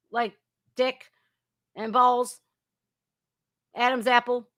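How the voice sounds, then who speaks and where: A woman hosting a casual news commentary podcast, blunt, crude and sarcastic, swinging between loud outbursts and muttering. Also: on the high side, lively intonation, unhurried. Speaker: podcast host.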